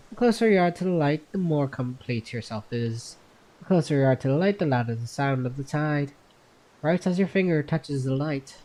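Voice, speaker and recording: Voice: medium pitch, mellow. A gaming content creator reading a game's story text aloud in second-person narration, often tripping over words and correcting themselves, with faint music behind. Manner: reads narration aloud with frequent stumbles and self-corrections.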